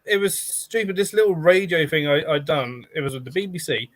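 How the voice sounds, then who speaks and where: A British man chats as a podcast guest, laughing often as he tells a story and mimics what other people said. His voice sits a little high for a man. The sound is close and dry, with no room around it. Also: brisk, dry recording. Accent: British English. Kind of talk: casual chat.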